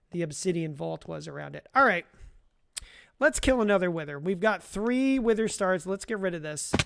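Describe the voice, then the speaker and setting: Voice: medium pitch, vocal fry, a little hiss or hum. A livestreamer giving casual live gameplay commentary, chatty and rambling, talking to chat viewers by name and often laughing. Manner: rambling with frequent restarts and self-amused laughs.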